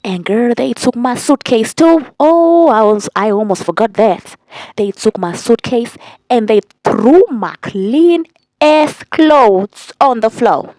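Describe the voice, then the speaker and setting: A young woman telling a storytime vlog in a casual, animated way, cursing and repeating lines for emphasis. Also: on the high side, takes it slowly, no echo. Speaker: vlogger.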